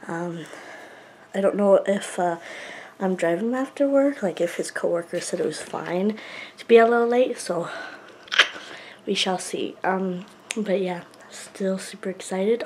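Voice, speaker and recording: Young female vlogger, mid-pitched, chatty and rambling, faint hiss behind. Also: darkish tone, rough recording. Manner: chatty, rambling, many fillers. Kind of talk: casual vlog chat to camera. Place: home, indoors.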